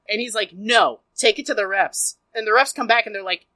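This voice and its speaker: A woman's voice: mid-range voice, a little fast, few pauses, bright, forceful tone, dry recording, rough recording. A woman co-hosting a podcast, recapping a film in casual chat, profane and sardonic, laughing as she tells it. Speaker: podcast co-host.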